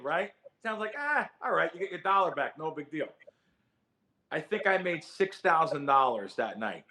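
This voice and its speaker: A middle-aged man telling his story as a guest in a podcast interview, animated and repeating words as he gets going. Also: fairly high pitch. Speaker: guest, sports bettor.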